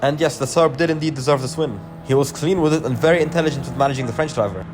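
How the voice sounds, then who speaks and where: A man's voice: on the high side, fast talker, noisy background. A man giving a matter-of-fact voice-over that explains his sim race. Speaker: sim racing channel host. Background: background music.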